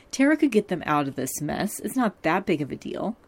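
A woman's voice: lowish voice, sing-song, brisk, few pauses. A woman recapping a TV episode in casual chat, full of fillers, asides and opinions. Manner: chatty, many fillers and asides, laughs often.

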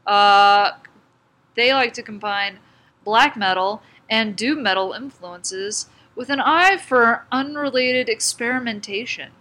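A woman's voice: a little high, takes it slowly, sharp tone. A woman co-hosting a casual podcast, introducing bands in a rambling, giggly way and swearing casually. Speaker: podcast co-host presenting bands. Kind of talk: casual chat.

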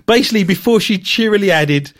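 A man's voice: high voice, animated, fast talker. A man hosting a comedic podcast, reading odd news stories aloud, teasing his co-hosts and laughing often. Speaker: host.

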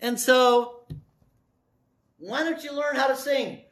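A man preaching a sermon as pastor, emphatic, swinging between loud declarations and hushed lines. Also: extremely high pitch, a little slow.

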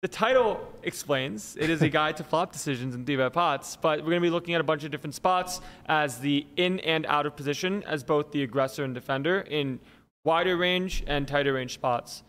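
A man's voice: a little high, fairly quick, fairly bright tone, big-room sound. A man working as a poker coach, laughing easily in chat and explaining methodically. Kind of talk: casual chat and course rundown.

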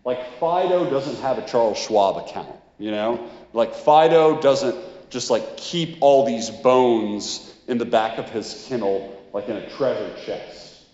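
Male preacher, relaxed conversational sermon, dull lo-fi sound with a long hall echo. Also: mid-range voice, a little slow. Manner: casual, conversational, many "like" and "you know".

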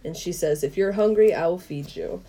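A woman with a slightly low-pitched voice recaps a movie on a casual podcast. She is animated and laughs easily, and she slips into the characters' lines as she retells the plot. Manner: animated storytelling, quick to laugh, acts out quoted lines. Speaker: podcast co-host.

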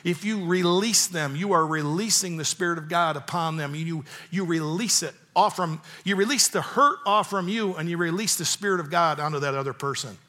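A man's voice: fairly high pitch, moderate pace, hardly any pauses, bright, forceful tone. A man in his fifties preaching a sermon, telling a personal story with earnest emphasis and repeating key phrases. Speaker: pastor.

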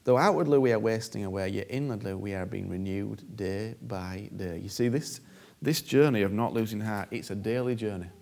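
A man's voice: fairly low pitch, moderate pace, creaky, hardly any pauses, a little mellow. A male preacher delivering a sermon, stressing points by repeating phrases and acting out prayers. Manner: emphatic, repeats key phrases and acts out prayers.

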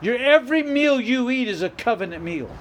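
Man, middle-aged pastor, high voice, emphatic sermon delivery, faint hiss behind. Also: lively intonation, brisk, rough recording. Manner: emphatic preaching with repeated phrases and rising outbursts.

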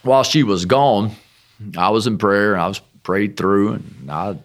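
A middle-aged American man, a missionary guest, telling a personal story in a casual, animated way with self-deprecating humor. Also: fairly low pitch, unhurried. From United States.

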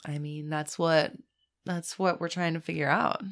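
A woman's voice: low-pitched, fairly even intonation, unhurried. Chatty woman co-hosting a podcast. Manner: chatty, laughs easily. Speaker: podcast co-host. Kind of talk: casual chat retelling a story.

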